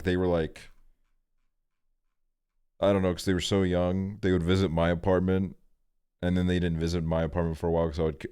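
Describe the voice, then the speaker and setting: Deep-voiced laid-back rambling young man. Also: mellow, clear, resonant tone. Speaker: streamer. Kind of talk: casual storytelling on stream.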